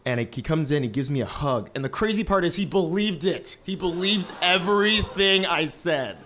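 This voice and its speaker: A man's voice: fairly high pitch, normal speed. Young man telling a live story. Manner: lively, heavy use of "like" fillers. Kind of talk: live first-person storytelling. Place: stage of a small live-event venue.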